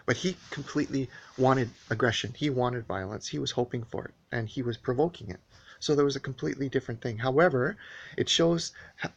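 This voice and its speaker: A man's voice: mid-range voice, a little fast, vocal fry, breathy edge. A man recounting a personal dispute in a casual spoken monologue, rambling and hesitant with many fillers, earnest and aggrieved.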